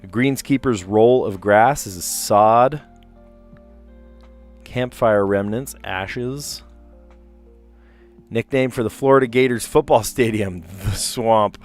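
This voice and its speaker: Low-voiced man chatting through puzzles. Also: slow, pauses often, soft background music. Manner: reads clues aloud, chatty asides, amused laughter. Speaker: livestream host solving word puzzles. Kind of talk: casual livestream commentary.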